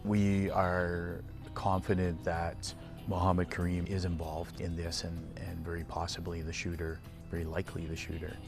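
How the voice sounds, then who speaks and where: A male police investigator speaks in a very deep, flat voice for a documentary interview. He is measured and stops to restart phrases, while music plays under his words. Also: gravelly.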